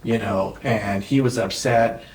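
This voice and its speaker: A man, a real estate expert and podcast guest, tells stories in an animated way and acts out his conversations. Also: on the low side, unhurried. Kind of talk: storytelling interview talk. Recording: roomy echo.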